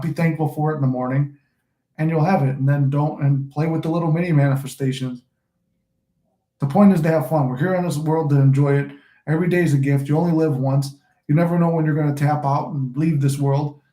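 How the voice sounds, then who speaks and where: A man with a mellow, dark-toned voice talks casually to his viewers about manifesting. His delivery is loose and rambling, with the odd swear word thrown in. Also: fairly high pitch, roomy sound. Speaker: manifestation coach and YouTuber. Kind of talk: casual motivational talk to camera.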